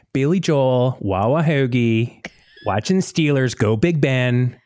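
A man's voice: medium pitch, animated, slow pace, darkish tone, no echo, clean studio sound. A man putting on a jokey Pittsburgh local. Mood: joking. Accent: put-on Pittsburgh. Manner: playful, hesitant improv impression.

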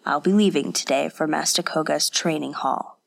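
A woman voicing a bitter young man set on revenge, in a hoarse, croaking near-whisper. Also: sits low, moderate pace. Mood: grim, low.

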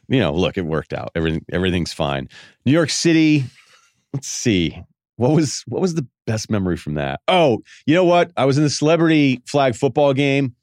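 A man's voice: medium pitch, darkish tone, dry recording, studio quality. A man hosting a podcast, telling rambling, self-deprecating stories in a casual way. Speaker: podcast host. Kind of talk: casual storytelling monologue.

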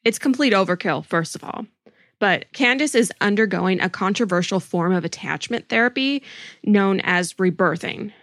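A woman hosting a true-crime podcast, speaking in an earnest, emphatic and deliberate way. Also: medium pitch, a bit bright, no echo, clean studio sound. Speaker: podcast host.

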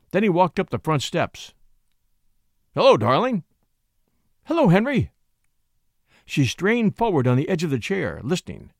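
A man reading a story aloud as narrator, with dramatic, expressive delivery. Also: on the high side, no echo, clean studio sound. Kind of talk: audiobook reading.

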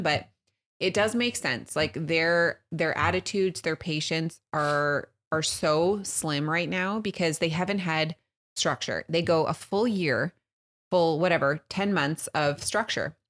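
A woman's voice: sits low, fairly bright tone. A woman in her thirties co-hosting a podcast, chatting casually and telling a family story with acted-out quotes. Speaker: podcast co-host. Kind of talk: casual chat.

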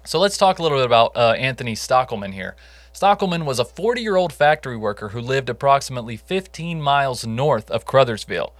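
A man's voice: mid-range voice, expressive, fast talker, no echo. A man co-hosting a casual true crime podcast, telling the case in a conversational way with jokey asides. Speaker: podcast co-host.

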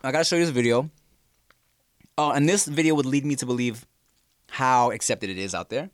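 A man co-hosting a podcast in casual chat, an animated storyteller who slips into voices. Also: mid-range voice, a little fast, no room sound, clean studio sound. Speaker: podcast co-host.

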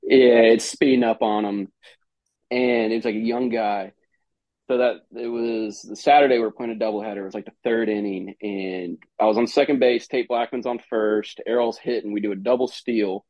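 A man's voice: lowish voice, moderate pace, no room sound. Man telling a story, dull dry sound. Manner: animated, rambling, acts out quoted exchanges. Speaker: former college baseball player, guest. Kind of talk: casual podcast storytelling.

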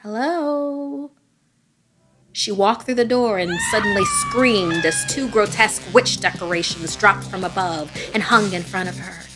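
A woman's voice: mid-range voice, moderate pace, few pauses, over music. Woman narrating a spooky tale. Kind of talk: scripted horror story narration.

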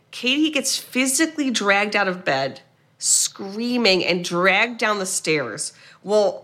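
A woman co-hosting a podcast, retelling a film's plot in a casual, animated way, quoting the characters and swearing now and then. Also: medium pitch. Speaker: podcast co-host. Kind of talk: casual movie recap chat.

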